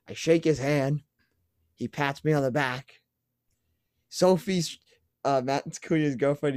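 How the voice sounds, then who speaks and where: A young man, a podcast co-host, telling an excited story in casual chat and swearing now and then. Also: fairly high pitch, no room sound, studio quality.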